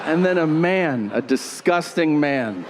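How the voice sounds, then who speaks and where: A man's voice: fairly high pitch, lively intonation, slow pace. A male stand-up comedian telling a crude story, drawing it out on stage. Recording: loud live crowd noise.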